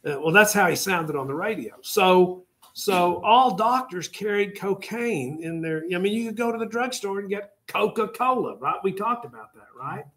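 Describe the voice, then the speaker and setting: An older man teaches a class with a slightly high voice. He rambles through jokey stories and asides to his students as he lectures. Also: lively intonation, moderate pace, a bit bright. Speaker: history teacher.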